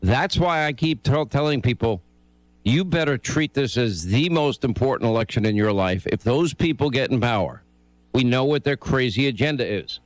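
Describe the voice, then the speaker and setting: A man's voice: medium pitch, animated, moderate pace, no echo. Urgent male radio talk host. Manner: urgent, forceful commentary.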